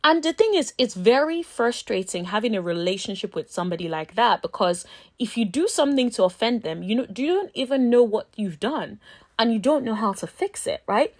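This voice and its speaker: A woman giving casual commentary as a reality TV recap vlogger, telling stories in an animated way and acting out other people's lines. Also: on the high side, brisk. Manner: animated storytelling, acts out friends' voices.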